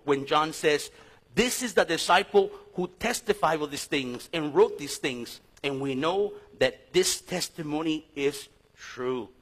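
A middle-aged man teaches scripture with a bright, high-pitched and husky voice. His pitch swings widely as he acts out stories and conversations. His delivery is animated and full of restarts. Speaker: Bible teacher. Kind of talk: lively sermon-style Bible class.

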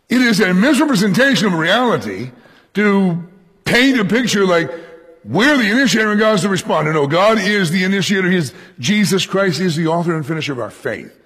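Husky pastor preaching in a reverberant hall. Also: male voice, high-pitched, a bit bright. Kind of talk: verse-by-verse Bible teaching sermon. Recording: echoey hall with long reverb.

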